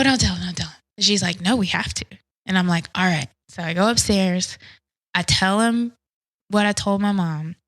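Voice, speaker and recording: A woman in her thirties tells her story in an earnest, conversational way, slipping into the voices of the people she quotes. Her voice sits a little low. The sound is close and dry, with no room around it. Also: vocal fry, fairly bright tone, no echo, low-quality recording. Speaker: podcast guest. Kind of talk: personal storytelling.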